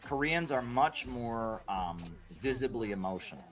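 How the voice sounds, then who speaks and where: A man's voice: medium pitch, animated, unhurried, a bit bright, soft background music. A man streaming and chatting casually through viewer questions, rambling with many restarts and frequent "right?" and "you know" asides. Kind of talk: casual livestream chat.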